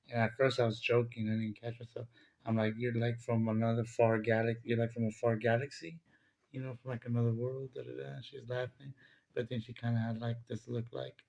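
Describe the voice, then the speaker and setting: A man's voice: medium pitch, little pitch movement, moderate pace, vocal fry, darkish tone. A man telling a personal spiritual testimony in a casual, rambling way, with many fillers and restarts.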